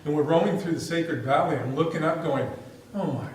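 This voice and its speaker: A man's voice: a little high, brisk. Chatty man in an echoey boardroom. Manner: chatty, amused anecdotes. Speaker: school superintendent. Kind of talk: meeting remarks and storytelling. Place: school board meeting room. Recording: echoey room, distant mic.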